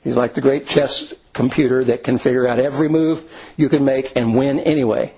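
A man's voice: mid-range voice, steady tone, moderate pace, dark tone, breathy edge, lo-fi sound. A man preaching a conversational sermon in an earnest, folksy way, with frequent restarts and asides to the congregation. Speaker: pastor.

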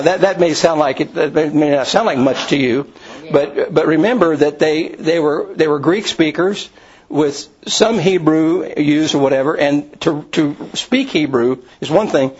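A man's voice: a little high, normal speed. Rambling male Bible teacher, lo-fi. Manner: rambling, many restarts and asides. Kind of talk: Bible study lecture. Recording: dull lo-fi recording.

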